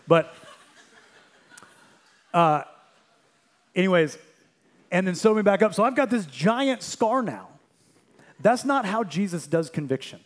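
A young adult man preaching a sermon as a pastor, moving between lively, quick storytelling and quiet, slow, emphatic passages. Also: fairly high pitch.

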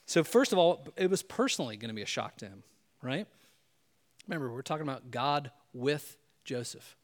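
A man's voice: mid-range voice, lively intonation, moderate pace. A male pastor giving a sermon in a loose, conversational way, often checking in with "right?".

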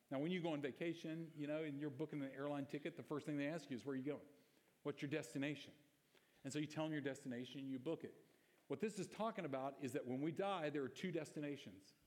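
A man pastor preaching a sermon, conversational and emphatic, asking rhetorical questions of the congregation. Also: fairly high pitch. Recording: long reverb of a church hall.

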